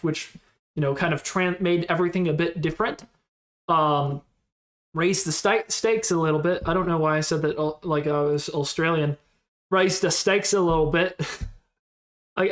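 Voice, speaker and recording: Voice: mid-range voice, a bit bright. A streamer in casual live-stream commentary, thinking aloud in a rambling, unsure way and replying to chat in passing.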